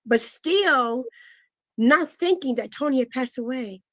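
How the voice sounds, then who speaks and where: A middle-aged woman giving a guest interview, telling a painful personal story in an earnest, halting way full of pauses and fillers. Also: high-pitched, animated, a bit bright, dry recording. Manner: earnest, intense retelling. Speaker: guest, asthma foundation founder. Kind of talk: emotional personal testimony.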